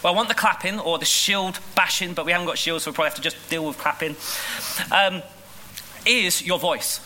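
A man preaching a sermon in an animated, emphatic way, rushing through asides and slowing down on key lines. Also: sits high, slight background noise, low-quality recording. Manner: animated, emphatic, shifts between quick asides and slow stressed lines. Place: school hall.

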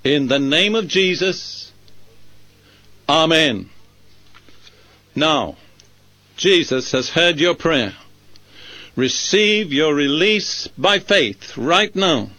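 Slow, solemn high-voiced preacher. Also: male voice, expressive, pushed and bright, no room sound. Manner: slow, measured, solemn phrasing. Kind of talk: leading a spoken prayer.

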